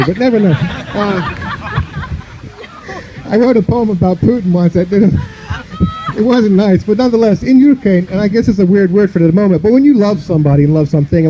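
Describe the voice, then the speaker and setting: A man's voice: high-pitched, dark tone, highs cut off, a little hiss or hum. A man from the northern United States doing a loose, rambling stand-up comedy set on an outdoor park stage, filling his talk with "you know".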